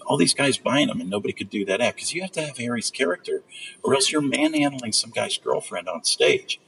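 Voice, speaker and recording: Male storyteller, gravelly, animated, acts out quotes; faint background hiss. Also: medium pitch, fairly quick, poor audio. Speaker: magician and storyteller guest. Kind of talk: casual storytelling chat.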